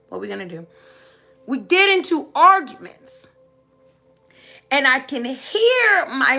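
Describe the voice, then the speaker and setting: A middle-aged woman, a motivational speaker, gives a heartfelt talk to live viewers, repeating herself emphatically in a preacher-like style. Her voice is high-pitched and sharp, with vocal fry.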